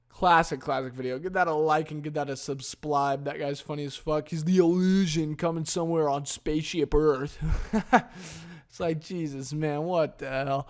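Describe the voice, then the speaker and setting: His voice is a little high and a little mellow, steady in tone and moderate in pace. As host of a casual one-man podcast, he leans over a desk microphone and rants with crude, dismissive, constant swearing.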